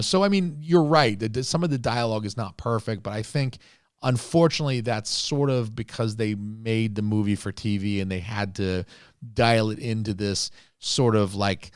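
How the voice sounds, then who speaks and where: Low-ish guy rambling about a movie on a podcast, cusses a lot, dead dry sound. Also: no room sound. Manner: rambling, swears freely. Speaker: podcast co-host. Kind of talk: casual movie review chat.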